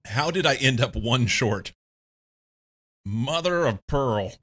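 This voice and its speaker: A man's voice: medium pitch, animated, fairly bright tone. A man streaming a game, chatting casually with viewers and musing to himself as he plays. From England. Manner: slow, musing, talks to himself and to chat. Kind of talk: casual live-stream chat while playing.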